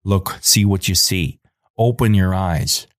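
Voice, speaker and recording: A man's voice: deep voice, takes it slowly, no room sound, studio quality. A man in his forties delivering an angry, emphatic ranting monologue as a podcast host.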